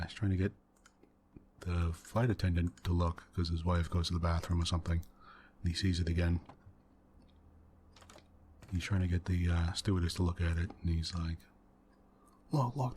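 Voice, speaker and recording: A man hosting a soft-spoken ASMR gaming video, rambling through a story in a quiet, meandering way with little chuckles. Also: low voice, a little hiss or hum. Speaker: ASMR gaming channel host. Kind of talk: soft-spoken ASMR let's play chat.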